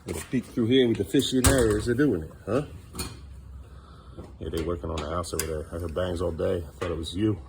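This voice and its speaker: A man's voice: deep voice, fast talker, noisy background. A man talking casually to his young son as a father, playful and coaxing, teasing him now and then.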